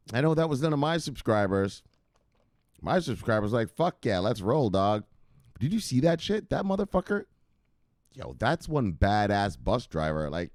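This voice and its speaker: A man with a low voice that swings up and down a lot talks through crypto market news in a casual, hyped way. He swears freely and jokes with his viewers. The sound is dry and close. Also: no room sound. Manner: hyped, profane, joking, talks straight to viewers. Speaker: crypto news show host.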